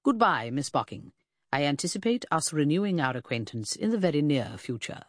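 A woman's voice: sits low, very animated, brisk, no room sound, studio quality. A woman voicing a pompous, pedantic middle-aged male detective in an audiobook, speaking in a lofty, formal, clipped way. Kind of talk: audiobook character reading.

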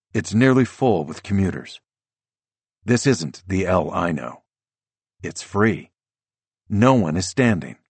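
A man narrating a first-person novel as an audiobook, measured and descriptive. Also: low-pitched, breathy edge, dry recording.

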